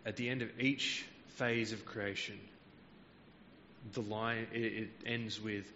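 A man delivers a Bible teaching sermon in a fairly low voice, explaining each verse carefully and pausing on the odd filler. The sound is slightly muffled and lo-fi. A long reverb trails behind him, with faint noise underneath. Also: flat delivery, pushed and bright. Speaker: preacher.

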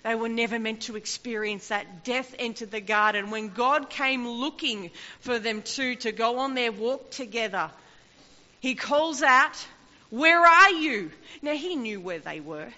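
A woman's voice: fairly high pitch, unhurried, sharp tone. Woman preaching in an echoing hall. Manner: impassioned, rising and falling emphasis. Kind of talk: sermon. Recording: long hall reverb, dull lo-fi sound.

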